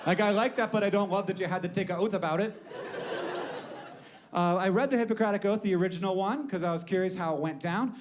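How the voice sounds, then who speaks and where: High-voiced man with rambling jokes. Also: quick pace. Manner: rambling, wry, profane. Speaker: comedian. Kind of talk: comedic monologue. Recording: noisy recording.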